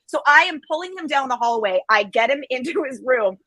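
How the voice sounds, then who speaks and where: A woman guest on a parenting podcast, telling a story in an animated, self-deprecating way and laughing as she goes. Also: high-pitched, quick pace, hardly any pauses, no room sound, poor audio. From Israeli family. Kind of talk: casual storytelling.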